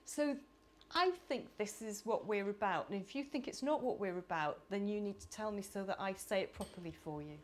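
A middle-aged woman from the United Kingdom speaking at a conference, animated and chatty with laughing asides. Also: mid-range voice, brisk, few pauses, a little hiss or hum. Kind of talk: conference talk. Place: conference hall.

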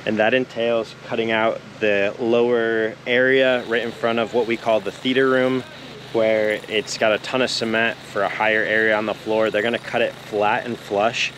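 A man in his thirties hosting a vlog, calmly explaining the day's building work. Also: on the low side, normal speed, slight background noise. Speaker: vlog host. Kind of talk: casual vlog narration.

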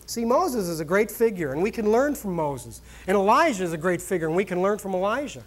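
A man's voice: high voice, animated, fairly quick, slight background noise. A male pastor preaching a sermon in a folksy, conversational way, telling the story with exclamations and humor.

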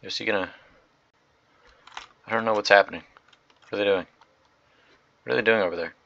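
A young man giving excitable, slangy gameplay commentary, swinging from loud outbursts to mumbled asides. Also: fairly low pitch, a little fast, gravelly, highs cut off. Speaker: gaming video host.

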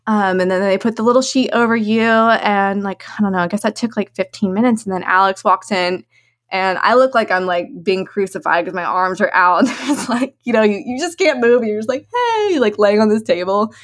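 A woman telling a personal story in a casual, chatty way, laughing often and filling her talk with "like", her voice jumping up high when she gets excited. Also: a little fast. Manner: animated, swings into high excited tones. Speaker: guest sharing her birth story.

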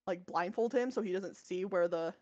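A woman's voice: fairly low pitch, moderate pace, darkish tone, no echo, lo-fi sound. A woman co-hosting a podcast, casually retelling a book's plot with many fillers and self-corrections. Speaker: podcast co-host.

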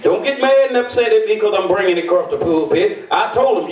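A high-pitched older man preaches from the pulpit, spinning folksy stories and drawing call-and-response from the pews. His voice rings around an echoey church and comes from some distance away from the mic. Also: lively intonation, a little fast. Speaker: bishop and pastor. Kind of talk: sermon.

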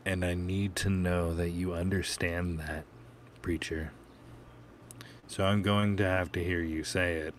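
Man doing a cold, threatening vigilante, very low voice, slow and pointed, audiobook read. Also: little pitch movement, slight background noise. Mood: menacing. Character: cold menacing male vigilante, calm and threatening.

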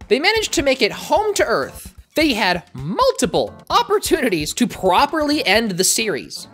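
Woman reviewing a show, wry and snarky, voice swoops all over, soft music behind. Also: fairly high pitch, wildly swooping pitch, normal speed, few pauses. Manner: sarcastic, wry asides. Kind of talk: animated commentary.

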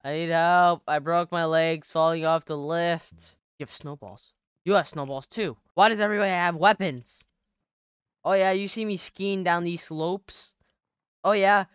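A woman's voice: lowish voice, unhurried, clean tone, dry recording, clean studio sound. A woman giving playful, jokey commentary while playing a video game, yelping and laughing often. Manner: excitable, jokey, yelps and laughs. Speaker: gaming YouTuber.

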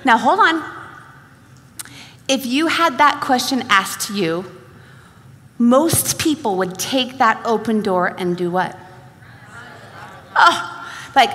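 A young woman tells stories from a stage, bringing each exchange of dialogue to life. Her high voice rises and falls widely. A large hall gives her words a long reverb. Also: slow, long pauses, a little hiss or hum. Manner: animated storyteller acting out dialogue. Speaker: speaker at a sales event. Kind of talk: motivational stage talk.

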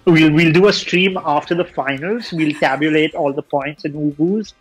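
A man with a slightly high, husky voice trades laid-back jokes in casual livestream chat. He is close to the mic in a dry-sounding space. Faint music plays behind him. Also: normal speed, rough recording. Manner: joking, laid-back banter.

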